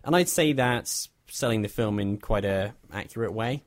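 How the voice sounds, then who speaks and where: A man's voice: fairly low pitch, normal speed, dry recording, clean studio sound. A man, casually reviewing a film in a wry, rambling way. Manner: wry, rambling, self-deprecating. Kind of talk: casual chat.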